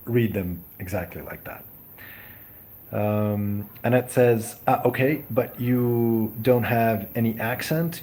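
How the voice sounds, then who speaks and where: A man's voice: medium pitch, darkish tone, a little hiss or hum. A young man from Serbia, a native Serbian speaker, hosting a casual live chat and answering comments in a hesitant, friendly way. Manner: hesitant, many ums and restarts, friendly. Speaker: live stream host.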